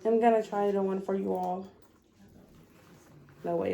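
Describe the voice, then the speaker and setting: A young woman speaks in a chatty, emotional way while unboxing on camera. Her voice has a gravelly fry to it. Her distance from the camera mic shifts, and a faint hiss sits underneath. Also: medium pitch, fairly even intonation, moderate pace. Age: young adult. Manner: emotional, chatty, talks straight to viewers. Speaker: vlogger. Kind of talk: casual vlog unboxing.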